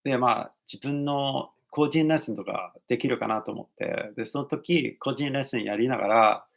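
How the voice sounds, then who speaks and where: A man with an American accent speaks in a relaxed vlog style, chatty and loose, padding his talk with fillers. His mid-range voice carries a gravelly, creaky edge. He moves freely between English and Japanese like a teacher giving advice. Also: medium pitch, fast talker. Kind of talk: casual talking-head advice vlog.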